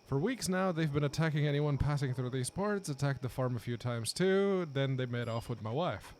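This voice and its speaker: A man reading aloud the lines of a weary older male farmer in a game, in a plain, low-key voice without putting on an accent. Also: expressive, normal speed, a little mellow, slight background noise, lightly acted. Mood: grim.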